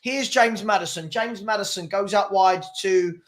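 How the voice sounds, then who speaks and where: Exasperated livestream football host. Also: male voice, high-pitched, normal speed. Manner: exasperated, ranting at chat between play-by-play. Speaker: watchalong host. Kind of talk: live match commentary and chat.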